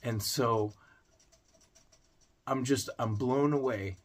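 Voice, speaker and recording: A man's voice: medium pitch, takes it slowly. A man hosting a pet video channel, talking to camera in an earnest, heartfelt way with small restarts. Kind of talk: casual vlog talk to camera.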